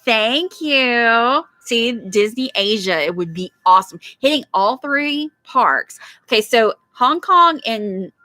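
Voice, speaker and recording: Brief: bright, chatty woman live-stream co-host, dry close sound. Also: on the high side, lively intonation, slow, few pauses, no echo. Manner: chatty, reads viewer comments aloud, laughs often. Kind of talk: casual live-stream chat. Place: backyard, outdoors.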